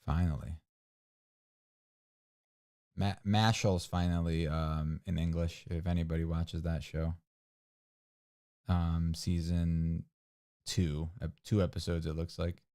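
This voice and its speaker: A man's voice: sits low, little pitch movement, slow, pauses often, mellow. A man co-hosting a casual livestream, opinionated and ranting with frequent laughs. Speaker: livestream co-host.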